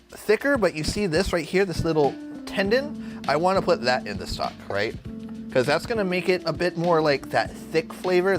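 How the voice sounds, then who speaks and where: A young man from Arizona chatting casually while cooking on a live stream, brash and profane, jumping from topic to topic. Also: high-pitched. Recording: music playing under the voice. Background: guitar music.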